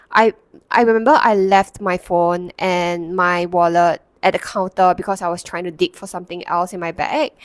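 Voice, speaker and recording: A woman's voice: mid-range voice, dry recording. Reflective woman telling a personal story. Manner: reflective, with many fillers and restarts. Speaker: counsellor and Reiki practitioner.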